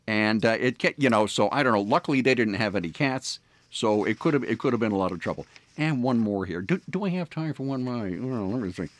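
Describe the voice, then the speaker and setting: Speaking a little fast in an expressive, medium-pitched voice, a man hosting a morning radio show rambles through casual stories full of fillers and false starts. The studio mic recording is dry.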